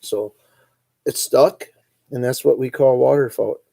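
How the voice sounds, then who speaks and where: Man, Upper Midwest accent, gravelly, mellow, dry close sound, easygoing live-chat host. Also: medium pitch, unhurried, dry recording. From northern Wisconsin. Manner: relaxed, chuckling, rambling. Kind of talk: casual chat reading live comments.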